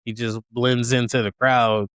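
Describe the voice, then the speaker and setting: A man's voice: mid-range voice, unhurried, no echo, clean studio sound. A man on a podcast casually recapping a film's plot, animatedly acting out what the characters say. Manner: animated retelling, acts out quoted characters. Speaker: podcast co-host.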